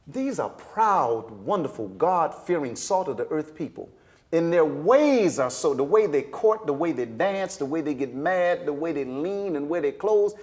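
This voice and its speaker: A middle-aged man with a Southern US accent, a stage director telling lively stories in a panel conversation and acting out the voices of the people in them. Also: high voice. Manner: animated storyteller, acts out voices, Southern-flavored speech.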